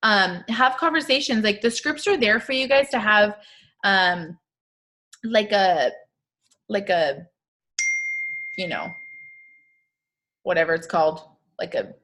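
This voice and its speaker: A woman talks to her sales team in a loose, chatty live-stream pep talk. She fills her sentences with "like" and "you know" and breaks into little asides. Her voice sits at an ordinary middle pitch and turns emphatic whenever she pushes a point. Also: slow pace, long pauses, bright, forceful tone. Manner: casual, chatty, lots of fillers and asides; upbeat and emphatic.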